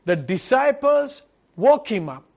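A man delivers an earnest sermon. He preaches at a measured, unhurried pace in a fairly high voice, circling back to his points with repeated phrases and rhetorical questions. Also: very animated, gravelly, a little mellow. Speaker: pastor.

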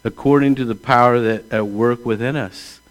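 A man in his sixties, a pastor, preaching a conversational sermon that moves between hushed asides and emphatic calls. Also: mid-range voice, steady tone, moderate pace. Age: 60s.

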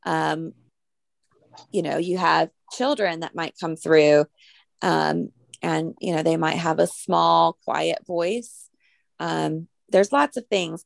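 Gravelly-voiced woman podcast host. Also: lowish voice, dry recording. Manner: rambling, many fillers and restarts. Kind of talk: casual spiritual podcast chat.

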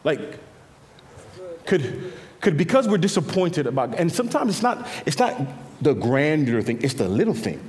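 A man preaching a sermon as pastor, swinging between quiet intimate passages and louder emphatic lines, often repeating words as he builds a point. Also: a little high, normal speed. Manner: animated preaching, drops to quiet intimate tones and rises for emphasis. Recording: long reverb of a large hall.

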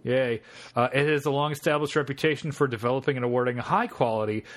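A man co-hosting a relaxed podcast, reading out a listing and breaking off for dry, amused commentary. His voice sits at an ordinary middle pitch, and he talks in an easygoing, conversational way. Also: fast. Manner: reads aloud with amused, deadpan asides and laughs. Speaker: podcast co-host. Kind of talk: casual podcast chat.

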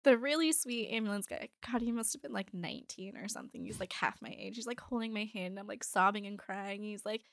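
Woman in her 40s, casual storyteller, bright sharp voice, dry close sound, swears freely. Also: mid-range voice, lively intonation, a little fast, few pauses, no room sound. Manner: candid storytelling, swears, laughs often. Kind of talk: casual chat.

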